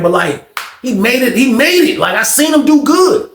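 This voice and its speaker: Animated guy telling a storytime, talks fast, kinda high, echoey room. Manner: animated, slangy, acts out quotes. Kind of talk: casual storytime vlog.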